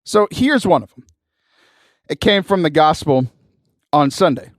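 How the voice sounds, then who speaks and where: Animated man telling a story. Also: on the high side, measured pace, no room sound. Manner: animated, laughing often, mimics voices in anecdotes. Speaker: podcast host. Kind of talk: casual storytelling.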